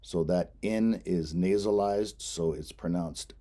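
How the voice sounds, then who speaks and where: A man's voice: low-pitched, a little slow, few pauses, mellow. A man teaching a language lesson, explaining patiently and repeating each word for pronunciation. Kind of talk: instructional lesson narration.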